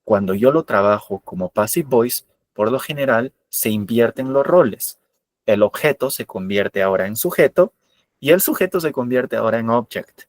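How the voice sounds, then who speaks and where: A man teaches English grammar to an online class, moving between explanations and English examples. His voice sits at a middling pitch. The sound is dry and close, with no room echo. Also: animated, brisk. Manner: switches between Spanish explanation and English examples, repeats key points.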